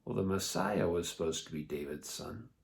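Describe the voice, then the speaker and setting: A man leading children's church, telling a Bible story in a playful, animated way. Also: deep voice, normal speed, creaky. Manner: animated, playful, laughs often.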